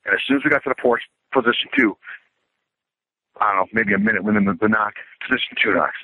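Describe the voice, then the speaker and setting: A man's voice: lowish voice, quick pace, pushed and bright, no echo. A middle-aged man calling in, telling a story in a casual, matter-of-fact way, like a military report. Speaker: caller. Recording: tinny phone line.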